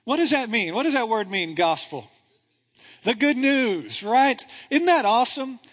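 Pastor, male, high-pitched voice, animated conversational sermon delivery, lots of "right?", in a church with long reverb. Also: measured pace. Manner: animated, conversational preaching with rhetorical questions. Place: church sanctuary. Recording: reverberant hall.

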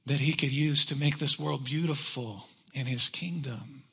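A man preaching a sermon to his church, telling stories conversationally and swinging between loud emphasis and hushed asides. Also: medium pitch, steady tone, unhurried, vocal fry, few pauses, husky. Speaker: pastor. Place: church sanctuary. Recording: long reverb of a large room.

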